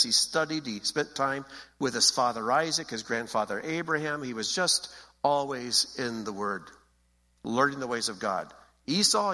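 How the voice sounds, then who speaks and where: A man's voice: mid-range voice, sharp tone, big-room sound, rough recording. A man preaching a sermon in an emphatic, conversational way, repeating phrases for weight. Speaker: pastor.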